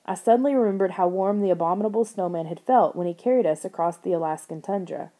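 Reading an audiobook, a woman uses a mellow, rounded voice pitched fairly low and moves at a fast clip. She reads expressively, raising her voice to perform the characters' lines.

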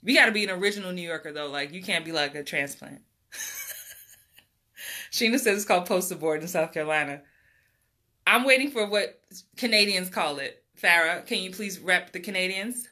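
Bright-voiced New woman chatting live. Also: on the low side, normal speed, long pauses. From New York. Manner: chatty, laughs often, reads out viewer comments. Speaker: acting coach. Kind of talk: casual livestream chat.

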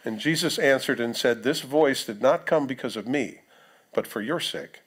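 A man at a mid-range pitch delivers a sermon as a pastor. He talks in a loose, conversational way, breaking off for asides and questions to the listeners. He reads the scripture passages aloud. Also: moderate pace, fairly bright tone.

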